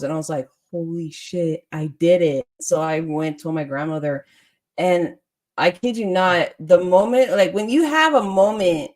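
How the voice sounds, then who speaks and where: Chatty young woman telling a story. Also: lowish voice. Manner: animated, laughs often, acts out quotes. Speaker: podcast host. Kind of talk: casual storytelling chat.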